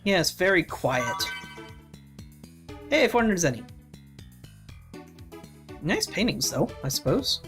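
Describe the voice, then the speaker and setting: A woman's voice: on the low side, very animated, slow pace, pauses often, fairly bright tone, faint music behind, heavily acted. A woman doing a fussy painter with a fake French accent. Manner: fussy, chirpy broken English.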